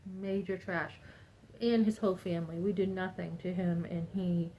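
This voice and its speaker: A woman's voice: on the low side, steady tone, moderate pace, highs cut off, slight background noise. A woman in her fifties talking to her viewers in a personal monologue. She sounds upset and speaks emphatically, rambling and acting out what other people said. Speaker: vlogger.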